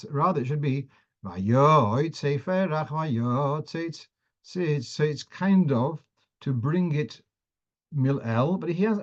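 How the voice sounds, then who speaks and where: Man, Torah teacher, halting explanations, middle pitch, dull lo-fi recording. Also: a little mellow. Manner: halting, restarts phrases, chants Hebrew verses.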